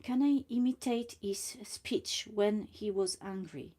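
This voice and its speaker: A woman talking casually and slowly about her own speech, with mucus in her throat and a blocked nose, stumbling over words and often dropping to a whisper. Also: mid-range voice, warm tone. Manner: slow and deliberate, often drops to a whisper. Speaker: vlogger. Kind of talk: casual personal monologue.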